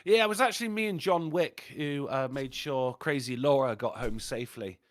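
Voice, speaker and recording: A man's voice: mid-range voice, moderate pace. A man co-hosting a casual podcast, telling pub stories with lots of swearing and laughter. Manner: animated storyteller, swears a lot, laughs often. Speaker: podcast co-host. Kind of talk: casual chat.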